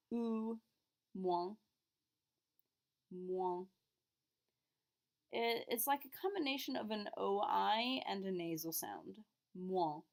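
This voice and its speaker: A woman French teacher explaining phrases to her students, clearly and patiently, modeling each word slowly. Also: mid-range voice. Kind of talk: classroom lesson recording.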